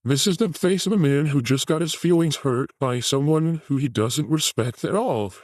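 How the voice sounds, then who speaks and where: A man's voice: a little high, moderate pace, a little mellow, dry recording, studio quality. A man hosting a show, commenting on a video clip in a mocking, crude rant. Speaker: host reacting to a video clip.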